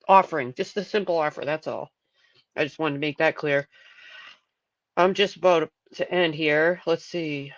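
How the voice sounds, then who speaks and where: A woman's voice: lowish voice, dry recording. A woman hosts a casual livestream, rambling on and restarting her sentences as she thinks aloud. The audio is dull and lo-fi, with a dry, close sound and no room around her voice. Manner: chatty, rambling, repeats words. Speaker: livestream host.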